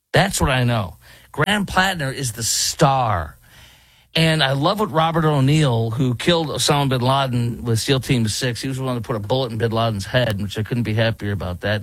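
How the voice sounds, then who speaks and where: A Dallas talk radio host with a mid-range male voice and no echo rants through opinionated political commentary, occasionally mocking people with impressions as he hosts his show.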